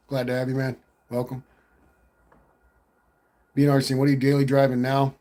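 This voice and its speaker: A man chats through a casual livestream, reading viewers' comments aloud and answering at an easy pace. His voice sits at an everyday pitch, and his manner is relaxed and rambling, with "man" tossed in often. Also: brisk. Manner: laid-back, rambling, says "man" a lot. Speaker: livestream host reading chat.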